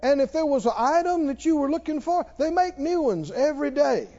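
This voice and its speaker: A middle-aged male pastor preaching a sermon, emphatic and rising to loud exclamations. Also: very high voice, lively intonation, brisk, lo-fi sound.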